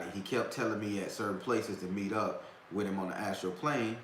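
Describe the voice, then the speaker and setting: A man's voice: lowish voice, fairly quick, fairly bright tone. A man casually telling a long personal story to his viewers, rambling with restarts and slang. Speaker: host of a talk stream. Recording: echoey room with faint background noise.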